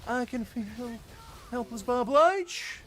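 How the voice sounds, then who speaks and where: A man putting on a hammy mock-French gentleman. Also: very high voice, expressive, pitched above the performer's own voice, full character voice. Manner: theatrical, drawn-out. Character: grand, theatrical male French enthusiast.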